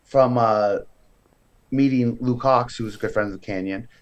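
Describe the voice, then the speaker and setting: Guy from california telling a wrestling story, chatty and lively, does voices for everyone, mid-pitched. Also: normal speed, highs cut off. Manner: lively storyteller who acts out other people's voices. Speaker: guest, professional wrestler. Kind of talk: casual interview storytelling.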